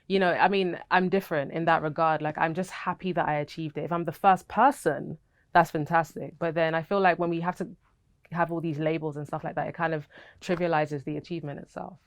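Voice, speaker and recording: A woman's voice: deep voice, fairly even intonation, brisk, no echo, clean studio sound. A young woman with a British accent, an actress answering interview questions in a candid, chatty way and laughing easily.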